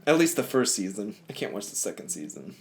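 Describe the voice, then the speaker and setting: A man's voice: fairly low pitch, big pitch swings, fairly quick, gravelly. A man co-hosting a comedy podcast, joking through casual chat with frequent laughs. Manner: joking, laughs between lines. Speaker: podcast co-host.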